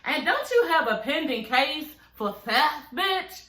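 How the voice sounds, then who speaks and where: High, bright, profane woman recapping. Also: big pitch swings, takes it slowly, reverberant. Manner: blunt, profane, laughing, repeats "you know what I'm saying". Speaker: reality TV recap vlogger. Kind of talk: casual reality show recap rant.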